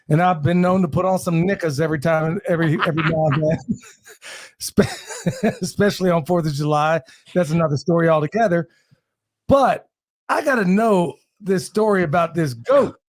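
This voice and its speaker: A man's voice: high-pitched, normal speed, no room sound. A man hosting a casual interview, joking and laughing often. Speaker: host.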